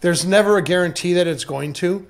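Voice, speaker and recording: A man's voice: high voice, a little fast. A man as a podcast guest, answering casually with many restarts and hesitations.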